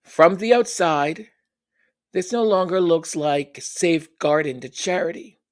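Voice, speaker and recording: Brief: opinion commentary host, unhurried, sarcastic and emphatic, mid-pitched. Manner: sarcastic, rhetorical questions, emphatic.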